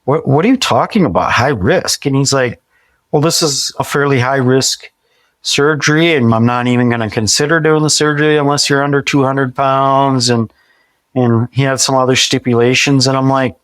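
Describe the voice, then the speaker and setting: A man's voice: medium pitch, normal speed, a bit bright, no room sound, clean studio sound. Man in his forties telling a story. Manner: acts out quoted dialogue vividly; frequent restarts and repeated words. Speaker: podcast guest. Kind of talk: conversational storytelling.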